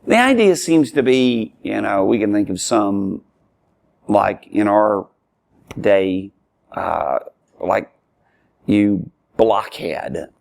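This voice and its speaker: A man's voice: fairly low pitch, animated, slow, gravelly, pauses often, darkish tone. A man teaching a Bible study as a preacher, emphatic, speaking in short repeated phrases and lifting his voice as he reads scripture aloud. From Tennessee, US. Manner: emphatic, rises and falls sharply when reading scripture aloud. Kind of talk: sermon-style Bible teaching.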